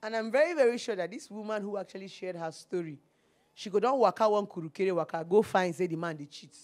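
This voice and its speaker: Animated Nigerian woman hosting call-in. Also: mid-range voice, fast talker. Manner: animated, preachy, mixes in Pidgin. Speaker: talk show host. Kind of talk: call-in advice show. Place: TV studio.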